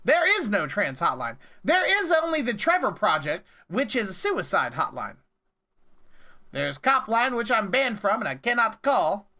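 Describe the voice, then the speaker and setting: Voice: mid-range voice, very animated, unhurried, bright, forceful tone. A streamer ranting casually to chat in an exasperated, rambling way, with swearing, at a desk mic at home. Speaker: prank call streamer.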